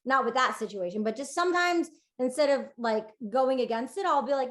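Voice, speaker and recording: Upbeat woman with a fairly high voice. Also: expressive, fairly quick, few pauses, a bit bright. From United States. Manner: upbeat, playful, earnest. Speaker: podcast guest, coach. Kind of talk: casual interview chat.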